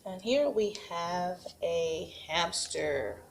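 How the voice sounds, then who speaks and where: A patient woman teacher walks through a toddler craft at home in a slow, encouraging voice. Her voice has a gravelly edge, and a faint hum of noise sits behind it. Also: fairly low pitch, lively intonation. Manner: patient, slow and encouraging, models sing-song animal sounds for toddlers. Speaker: preschool teacher. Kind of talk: craft demonstration and parenting tips.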